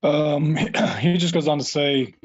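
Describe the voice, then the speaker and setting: A man playing a tabletop game, speaking haltingly with many fillers. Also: fairly high pitch, slightly rough, no echo, dull audio. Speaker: player. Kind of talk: tabletop role-play.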